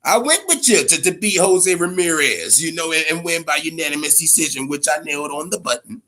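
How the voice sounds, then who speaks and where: A man hosting a boxing commentary vlog, ranting casually in a profane, blunt, animated way. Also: a little high, brisk. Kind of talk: casual opinion rant.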